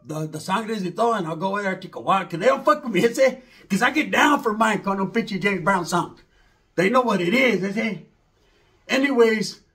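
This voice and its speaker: A man's voice: sits high, fairly bright tone. A man doing a rambling, slangy comedy monologue, mixing in Spanish words.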